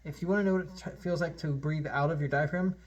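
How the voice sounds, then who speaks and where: A man's voice: a little high, steady tone, fast, lo-fi sound. Upbeat encouraging man teaching harmonica. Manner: encouraging, upbeat, talks straight to the learner. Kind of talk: friendly instructional lesson.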